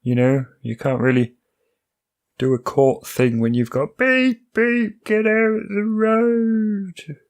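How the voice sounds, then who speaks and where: A man's voice: sits high, animated, slow, voice pushed up, heavily acted. A man voicing a rambling male character who drifts off on pointless tangents.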